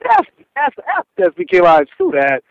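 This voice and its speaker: A man calls in by phone and tells his story in a loose, animated rush, circling back and repeating himself. His voice sits very high for a man. The line is thin and phone-like, with no room sound. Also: moderate pace, vocal fry, dry recording. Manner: animated storytelling, repetitive, restarts. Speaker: caller. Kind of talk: casual phone call. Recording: tinny phone line, dry.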